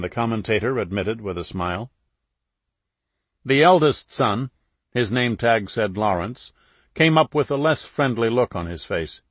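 A man narrating a novel in an even, measured way. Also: fairly low pitch, no echo. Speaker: audiobook narrator. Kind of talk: scripted narration.

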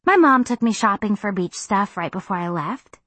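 A woman's voice: medium pitch, animated, normal speed, a bit bright, no echo. A woman reading a breezy spoiled teen girl. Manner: breezy, sing-song. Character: spoiled breezy teenage girl, boy-crazy.

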